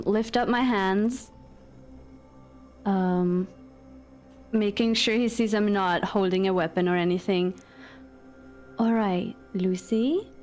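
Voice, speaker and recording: Slow, soft-spoken woman player. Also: mid-range voice. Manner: gentle, hesitant, soft-spoken. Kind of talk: tabletop game banter.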